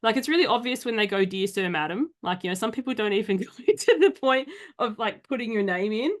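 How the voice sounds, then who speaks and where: A woman's voice: a little high, animated, quick pace. An Australian woman hosting a podcast, talking casually in a blunt, exasperated way and swearing now and then. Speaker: podcast host.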